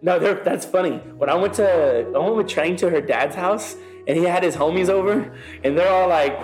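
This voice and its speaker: A young man co-hosts a podcast in slangy, profane, animated chat. His voice sits a little high for a man, and faint music hums behind him. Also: moderate pace. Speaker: podcast co-host. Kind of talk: casual chat.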